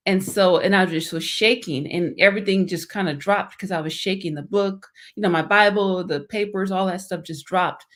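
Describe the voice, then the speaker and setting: A woman's voice: mid-range voice, moderate pace, fairly bright tone. A woman, a life coach, telling her personal survival story in an earnest, rambling way, with many fillers and restarts. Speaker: life and motivational coach, guest.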